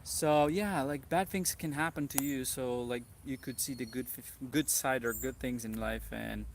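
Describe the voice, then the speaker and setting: A man's voice: medium pitch, moderate pace, vocal fry, a little hiss or hum. A man from Brazil with a Brazilian Portuguese accent, talking in a rambling, earnest personal vlog, full of "like" fillers. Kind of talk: reflective personal vlog monologue.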